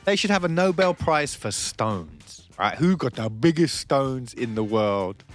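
A man chatting playfully as co-host, often pausing on fillers and restarting his sentences. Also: medium pitch, big pitch swings, soft background music. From abroad, living in Britain. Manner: playful, hesitant with many fillers. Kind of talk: casual comedic chat.

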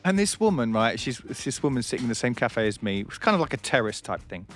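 A man's voice: mid-range voice, quick pace, soft background music. A man hosting a comedy radio show, telling an anecdote in bantering chat with frequent laughter. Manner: animated storytelling, frequent laughs.

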